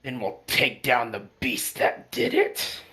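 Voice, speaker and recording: A man voicing a grim, determined male dwarf warrior who speaks gruffly and resolutely. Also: medium pitch, huge pitch swings, slow pace, pushed and bright, voice pushed down, exaggerated voice.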